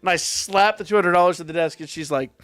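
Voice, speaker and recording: A man streaming live, telling a rambling, profane story in a casual, animated way. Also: high-pitched, quick pace, no echo.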